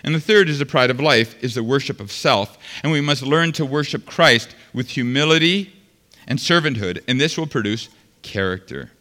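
A man preaching a sermon as pastor, swinging between loud fervent passages and quiet, earnest stretches. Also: mid-range voice, expressive, moderate pace. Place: large church sanctuary. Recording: long hall reverb.

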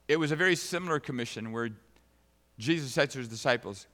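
Bright-voiced preacher in a reverberant hall. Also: male voice, fairly high pitch, brisk. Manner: emphatic preacher who repeats phrases for stress. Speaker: pastor. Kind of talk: sermon with scripture reading. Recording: long reverb of a large hall.

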